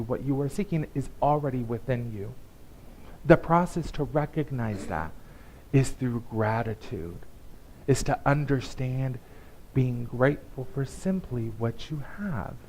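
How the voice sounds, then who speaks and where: A man giving a conversational, emphatic sermon at a church service, with pauses and restarts. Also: medium pitch, expressive, a little mellow, slight background noise, rough recording. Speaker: guest speaker.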